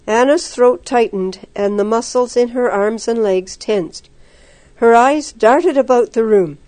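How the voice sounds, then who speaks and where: A woman's voice: a little high, measured pace, a little mellow, no room sound. Woman narrating a storybook, dry sound.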